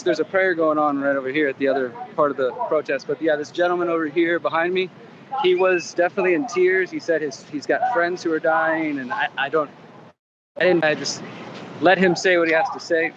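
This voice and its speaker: A man with a somewhat high voice narrates from an outdoor rally, talking casually and stumbling over his words. The camera audio is full of outdoor street noise. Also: dull audio. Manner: casual, halting narration with fillers. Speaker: videographer documenting a rally. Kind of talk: on-the-spot reporting and street interviews. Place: outdoors at a city park protest.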